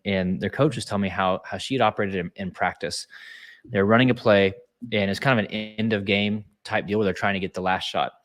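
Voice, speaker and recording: Male leadership speaker, low voice, casual earnest coaching talk. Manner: earnest, coaching, many restarts.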